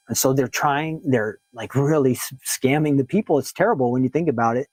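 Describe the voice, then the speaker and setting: Male Bible teacher, mid-pitched voice, reads scripture and explains it conversationally; dry, close recording. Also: fairly quick, hardly any pauses, a little mellow, no room sound, low-quality recording. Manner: reads verses aloud and explains them plainly. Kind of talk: casual Bible lesson.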